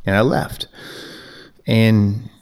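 A man's voice: fairly low pitch, flat delivery, very slow, gravelly, darkish tone, smooth. A man who owns a business and hosts a podcast, telling a casual, rambling story full of "you know" and restarts. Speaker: business owner hosting a podcast.

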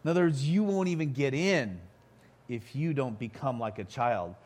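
A man preaching a sermon in a halting way, full of restarts, building to loud emphatic peaks. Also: medium pitch.

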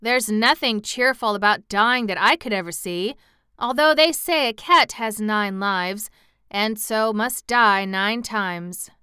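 Woman reading as a grumpy storybook kitten, slow and bright. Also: mid-range voice, clean tone, dry recording, studio quality. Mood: protesting. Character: gloomy, stubborn female kitten.

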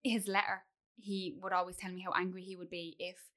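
A woman's voice: lowish voice, flat delivery, a little fast, fairly bright tone. A woman speaking earnestly in a conversation about grief, with many "like" fillers. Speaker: guest.

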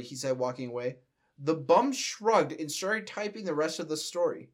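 A man's voice: on the high side, normal speed. A young man reading a silly fan story aloud for laughs. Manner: animated, breaks into laughter often. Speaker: reader.

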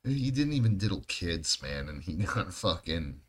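A man's voice: low voice, very animated, a little slow, breathy edge. A man co-hosting a podcast, telling rambling stories in casual chat, swearing heavily and laughing often. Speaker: podcast co-host.

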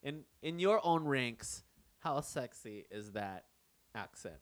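Lively, playful young podcast host. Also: male voice, mid-range voice, slow pace. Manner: playful, laughs often, reads out a ranked list. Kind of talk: casual podcast chat.

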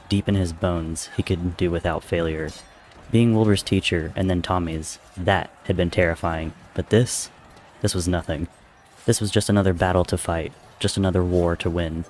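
A man narrating a dramatic story in a steady, measured reading. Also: low voice, slight background noise.

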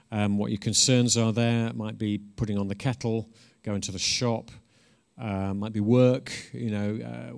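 A man's voice: lowish voice, vocal fry. A man preaching a conversational sermon. He is informal and earnest, restarts often, and swells into emphatic bursts.

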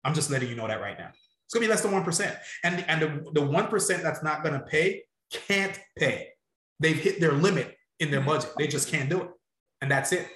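A man's voice: on the high side, expressive, fairly quick, a bit bright, roomy sound. A man coaching salon owners in a casual podcast chat, emphatic and direct, pushing listeners to act.

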